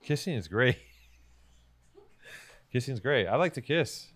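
A man's voice: mid-range voice, sing-song, slow, a bit bright. A man hosting in casual banter, explaining at length and laughing often.

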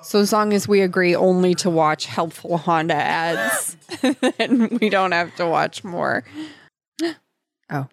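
A woman making wry, drawn-out comments as she watches a film with a friend. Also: fairly low pitch, creaky, soft background music. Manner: unhurried, wry, drawn-out reactions. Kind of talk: casual watch-along commentary.

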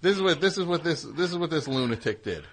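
A man whose voice sits a little high, with lively intonation and a breathy edge, hosts call-in radio. He pokes fun at callers, meanders through tales, and keeps the banter quick, all captured as a radio broadcast.

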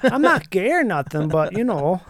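A man voicing a goofy out-of-work welder from the upper Midwest with a slow, folksy drawl. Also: high-pitched, big pitch swings, a crowd in the background. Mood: chummy.

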